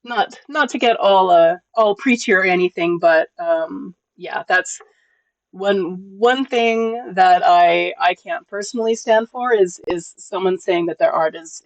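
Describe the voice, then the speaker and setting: A live streamer in casual chat with viewers, gentle and encouraging, often repeating words at the start of sentences. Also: mid-range voice, vocal fry, dry recording, poor audio. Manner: emotional, gentle.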